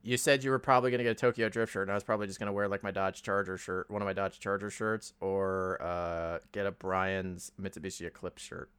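Low-voiced guy on a podcast, rambling story full of ums, dry close sound. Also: fairly even intonation, fast, hardly any pauses, fairly bright tone, clear, resonant tone, dry recording. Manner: rambling storytelling with many fillers. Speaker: podcast co-host. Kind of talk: casual chat.

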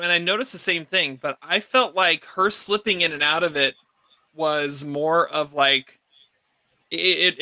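A man hosting a casual movie podcast, talking haltingly and repeating words as he thinks. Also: a little high, sharp tone, dry recording. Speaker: podcast host.

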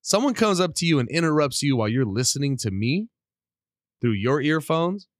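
A middle-aged man hosting a casual solo podcast, rambling and animated while under the weather with a cough. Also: fairly high pitch, moderate pace, no room sound, clean studio sound. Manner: rambling, animated, self-deprecating. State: sick with a cough. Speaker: podcast host.

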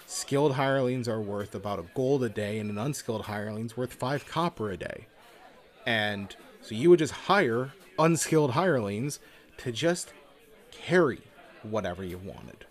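A man's voice: mid-range voice, lively intonation, normal speed, some chatter behind. A man co-hosting a podcast, explaining things in a casual, loose way and swearing now and then. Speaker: podcast co-host. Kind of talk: casual chat about tabletop games.

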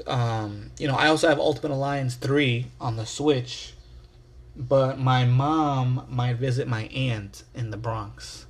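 A man's voice: medium pitch, a bit bright. A young man hosting a casual solo podcast, rambling through a story in a self-mocking way and swearing freely. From New York area. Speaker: podcast host.

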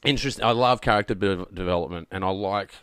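Low-voiced man hosting a podcast. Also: quick pace, smooth, no room sound, studio quality. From Australia. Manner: animated storyteller with many fillers and restarts. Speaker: podcast host. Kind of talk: casual conversational interview.

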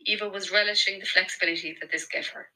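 A woman with an Irish accent narrating a romance novel in an even storytelling delivery. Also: mid-range voice, fast talker, rough recording. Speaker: audiobook narrator. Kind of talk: scripted narration.

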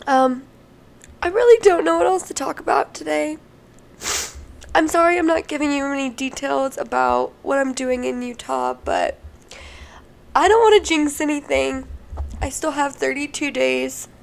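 Tearful young woman, gravelly high voice. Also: normal speed, long pauses. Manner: tearful, laughing through tears, swears freely. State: emotional, crying. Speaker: podcast host. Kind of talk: casual solo podcast chat.

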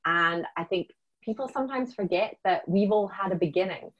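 A woman's voice: mid-range voice, normal speed, lo-fi sound. A woman with a mixed South African and Scottish accent, hosting an interview in an upbeat, effusive way. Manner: upbeat, effusive, with warm praise. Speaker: interview host. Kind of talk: casual interview chat.

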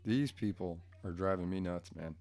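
Recorded in a home room, a man with a deep, darkish voice speaks at a moderate pace. He's a vlogger on a casual, profane rant, blunt and crude, wandering off topic easily as he addresses his viewers.

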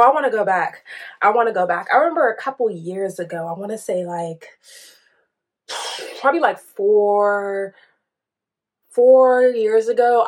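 A young woman hosting a podcast, telling a story in a casual, chatty way, swearing freely and acting out what others said. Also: medium pitch. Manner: chatty, profane, acts out quotes with laughs. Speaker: podcast host.

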